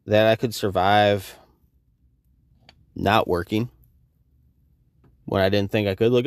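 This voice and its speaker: A man in his thirties, hosting a podcast and telling a story in a casual, profane, animated way, acting out the quoted exchanges. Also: lowish voice, unhurried, vocal fry, pauses often, no room sound, clean studio sound. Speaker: podcast host.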